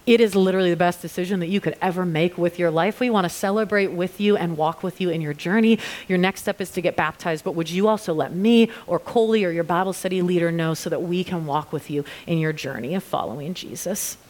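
A woman's voice: on the low side, a little mellow. A woman preacher giving an earnest altar call and prayer to a church gathering. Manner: earnest, slow deliberate reading at times. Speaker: women's ministry preacher. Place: church with online viewers.

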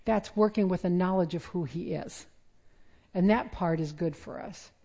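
A woman's voice: on the low side, moderate pace, warm tone. A middle-aged woman giving a sermon in a conversational way, with self-deprecating humor. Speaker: preacher.

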